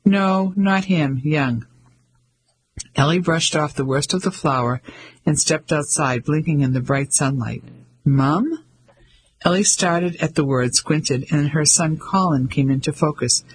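A man giving measured scripted narration of an audiobook. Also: fairly high pitch, slight background noise, rough recording. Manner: measured storytelling.

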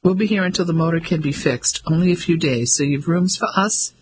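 A woman's voice: low voice, a little fast, darkish tone, slight background noise, close to an everyday voice, rough recording. A man voicing a poised, genteel lady traveller who speaks politely and with composure. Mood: composed.

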